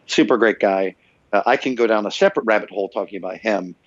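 Middle-aged male guest, low voice, animated storyteller who acts out quotes; dry, muffled recording. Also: fast, no room sound. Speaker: guest, former game localizer and voice actor. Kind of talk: casual storytelling interview. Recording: dull, slightly muffled dry sound.

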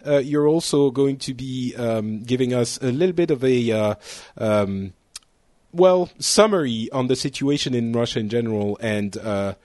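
A man hosts a relaxed international panel show, joking and teasing his guests with quick asides. His voice sits at an ordinary middle pitch, recorded close and dry with no room sound. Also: no room sound. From France. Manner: playful, teasing, quick to laugh. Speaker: podcast host. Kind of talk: casual panel chat.

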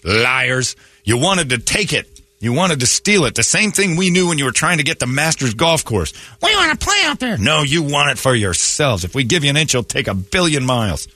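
A man's voice: medium pitch, lively intonation, normal speed, sharp tone, dry recording. A man hosting a morning radio show, brash and mocking, full of crude comic banter. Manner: brash, mocking, slips into silly put-on voices. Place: radio studio.

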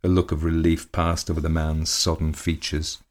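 A man reads a period story aloud with measured, dramatic delivery. His voice is very deep, sitting in the lowest register. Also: flat delivery. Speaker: narrator. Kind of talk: scripted story narration.

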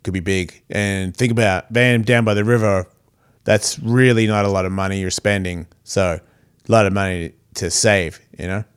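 A man's voice: lowish voice, steady tone, normal speed, clean tone. A man hosting his own podcast alone, rambling in a casual, profane, self-mocking way. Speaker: podcast host. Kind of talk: rambling solo podcast monologue. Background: cat purring and moving nearby.

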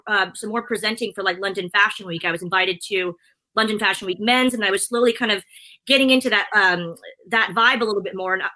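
A woman's voice: mid-range voice, bright, forceful tone, low-quality recording. A middle-aged woman, a presenter, chatting as an interview guest in a bubbly, chatty way. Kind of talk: casual interview chat.

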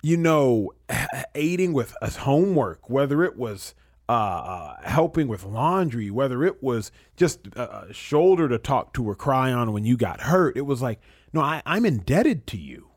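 A man's voice: mid-range voice, sing-song, normal speed, dry recording, studio quality. A man in his thirties, a podcast guest talking earnestly and reflectively, often repeating phrases as he works through feelings. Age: 30s. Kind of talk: emotional casual conversation.

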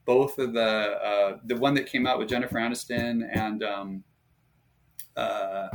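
A man from Hawaii who works on a ranch, chatting casually in an interview and telling stories with relaxed, frequent fillers. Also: lowish voice, measured pace. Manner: storytelling, lively when amused. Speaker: ranch staff guest.

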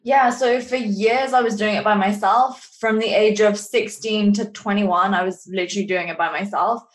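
Young English woman, chatty, roomy sound. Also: medium pitch. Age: 20s. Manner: chatty, many fillers like "like". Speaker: podcast guest, online coaching entrepreneur. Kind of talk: casual interview talk. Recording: roomy echo.

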